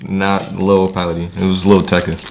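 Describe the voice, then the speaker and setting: A man's voice: low-pitched, flat delivery, moderate pace, gravelly, a little mellow, slight background noise, rough recording. A young man in a casual family chat, answering trivia questions in a laid-back way with short answers.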